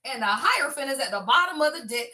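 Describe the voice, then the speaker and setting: Woman, tarot reader, high lively voice, profane, hype energy. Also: fast. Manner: excitable, profane, laughs and exclaims often; talks straight to viewers as y'all. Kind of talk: casual tarot reading to camera.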